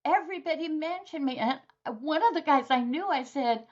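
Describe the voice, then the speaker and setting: Brief: woman, guest author, lively storyteller acting out dialogue, slightly raised pitch, dull lo-fi recording. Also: moderate pace. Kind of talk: conversational podcast storytelling.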